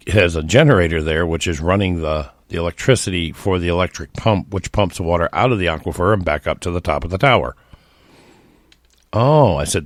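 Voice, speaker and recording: A man's voice: sits low, dry recording, clean studio sound. A middle-aged American man telling a story in a folksy, rambling way as the host of a casual talk show. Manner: folksy and rambling, with many restarts. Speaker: podcast host.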